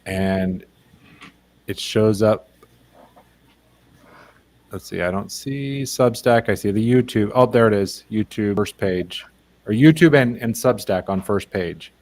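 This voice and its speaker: A man with a low voice joins a casual online chat. He speaks slowly and loosely, as if thinking aloud. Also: a little mellow. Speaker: participant.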